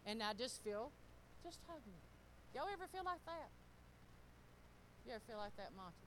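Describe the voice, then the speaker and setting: A middle-aged woman, telling stories in a casual sermon, animated and laughing often as she talks to the congregation. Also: a little high, brisk, a little hiss or hum, rough recording. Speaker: pastor's wife.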